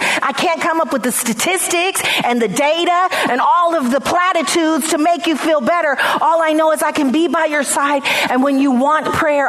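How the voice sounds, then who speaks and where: Lady pastor preaching on the radio, high voice, keeps repeating herself for emphasis, trips over words a lot. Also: fairly bright tone. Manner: frequent restarts and stammered repeats. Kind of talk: radio sermon message.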